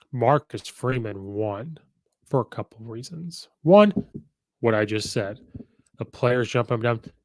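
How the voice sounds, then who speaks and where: A man's voice: medium pitch, no room sound, rough recording. Chatty man giving football opinions. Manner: chatty, opinionated, acts out quotes. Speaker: host and football commentator. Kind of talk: casual sports commentary.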